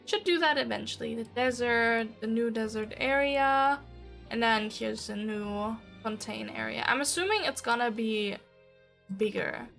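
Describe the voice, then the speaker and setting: Excitable woman gaming streamer, casual and sweary, high voice, faint music behind. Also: unhurried, vocal fry.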